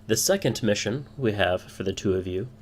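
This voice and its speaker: A pompous, boisterous thieves' guild boss, as a man voices him for a tabletop game, lording it over his recruits in formal, grandiose phrasing. The voice is lifted a little above a low male register, with a faint hum in the background. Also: expressive, moderate pace, natural voice. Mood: stern.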